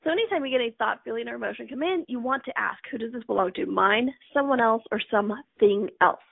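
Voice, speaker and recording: A middle-aged woman talks through a casual self-help session, laughing often and slipping into little acted-out inner voices. Her voice sits a bit high with a gravelly edge. The sound is thin and phone-like, dry and close. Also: quick pace, no room sound. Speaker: host. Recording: tinny phone-like audio.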